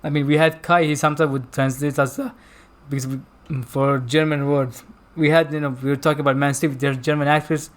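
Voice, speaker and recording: A man's voice: a little high, little pitch movement, fairly quick. A man co-hosting a film review chat, not a native English speaker, who rambles, hunts for words and laughs often. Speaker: podcast co-host reviewing a film. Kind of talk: casual chat.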